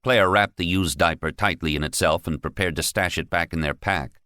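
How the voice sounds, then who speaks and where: A man narrating an audiobook in a measured, steady storytelling way. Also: deep voice, no echo, clean studio sound. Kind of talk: scripted narration.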